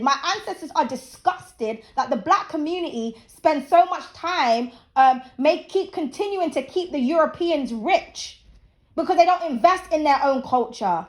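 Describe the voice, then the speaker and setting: A woman's voice: high voice, expressive, normal speed. A woman in her thirties hosting her channel, ranting bluntly and profanely in a casual, preachy opinion talk. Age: 30s. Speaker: channel host. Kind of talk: casual opinion rant to camera.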